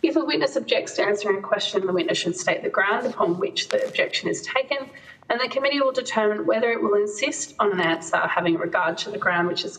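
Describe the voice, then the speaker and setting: A woman's voice: medium pitch, fairly bright tone. Woman, Australian accent, committee chair, formal procedural reading, roomy echo. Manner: procedural, with fillers and slips. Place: parliamentary committee room.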